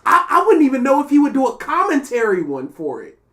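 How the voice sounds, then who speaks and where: A man co-hosting a live reaction stream, rambling and joking in casual chat, often trailing off quietly. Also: very high voice, huge pitch swings, brisk. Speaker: co-host.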